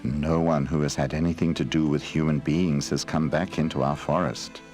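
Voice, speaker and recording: A man voicing an old forest tree who speaks quietly and sorrowfully in a storybook game. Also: rumbling low, fairly even intonation, moderate pace, soft background music.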